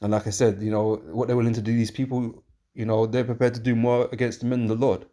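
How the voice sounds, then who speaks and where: A man's voice: medium pitch, level tone, fast talker, warm tone. A man preaching informally, rambling and emphatic, with many fillers and tag questions. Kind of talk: informal preaching with scripture reading.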